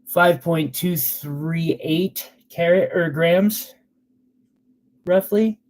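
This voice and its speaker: A man with a somewhat high voice talks slowly and casually while selling gemstones on a live stream. He is chatty and sentimental, with loose fillers. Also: a little mellow. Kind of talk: casual live sales chat.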